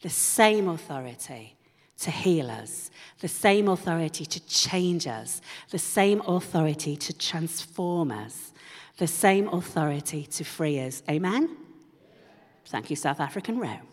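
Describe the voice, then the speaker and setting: A woman's voice: deep voice, expressive, unhurried. A woman preaching a sermon in a church, with humorous conversational asides. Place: church hall. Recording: long hall reverb.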